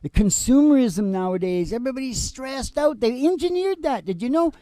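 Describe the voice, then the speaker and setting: A man's voice: very high voice, lively intonation, brisk, dark tone, no room sound. A male podcast host talking in a wry, joking, conspiratorial way. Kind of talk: casual rambling chat. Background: acoustic guitar.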